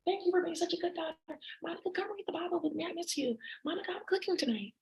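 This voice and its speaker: A woman voicing an older churchgoing mother who pleads with her daughter in a soft, high voice. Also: fast, creaky. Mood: pleading.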